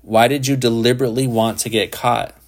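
A man's voice: mid-range voice, steady tone, fairly quick, lightly acted. A man doing a pushy, probing reporter. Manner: eager and probing. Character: pushy male newspaper reporter.

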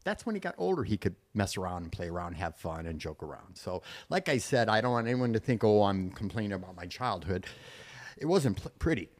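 A man in his sixties, a podcast guest, telling stories in casual chat. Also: lowish voice. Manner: animated storytelling.

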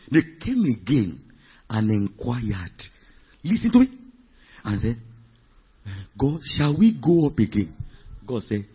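A pastor preaching with a very husky, raspy voice that sits a little high and leaps widely in pitch. He moves from low murmurs to shouted climaxes and keeps asking the congregation questions. The recording sounds dull and lo-fi. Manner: emphatic, repetitive preaching with rhetorical questions. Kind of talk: sermon.

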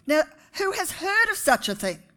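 A woman pastor, preaching a sermon to her congregation with animated, rising emphasis. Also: very high-pitched, normal speed. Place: church.

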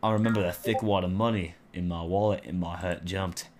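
A man's voice: deep voice, steady tone, fairly quick, a little mellow, slight background noise. A young man narrating a visual novel aloud to friends, with laughing asides.

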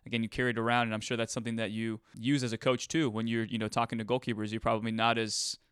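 A man's voice: mid-range voice, flat delivery, fast, fairly bright tone, clean tone, dry recording, clean studio sound. A man hosting a casual interview, reflecting back on his guest's story in an affirming way. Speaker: interview host.

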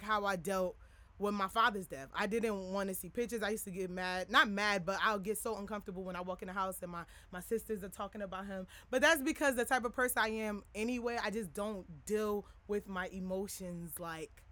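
A young adult woman hosts a podcast, speaking candidly and casually to her listeners in a rambling way with many filler words. Her mid-range voice is bright and forceful at a moderate pace, with no echo.

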